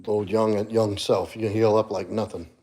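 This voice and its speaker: His voice sits on the low side, mellow and level, at a moderate pace. The livestream host, a fitness coach, keeps things casual, responding to viewers in chat and addressing his dog in a laid-back way.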